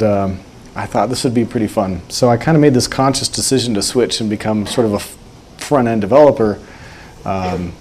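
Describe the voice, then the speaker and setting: A man giving a meetup talk, telling his story in a relaxed, conversational way with fillers. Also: mid-range voice, slight background noise. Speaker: meetup speaker. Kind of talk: conference talk. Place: meetup room.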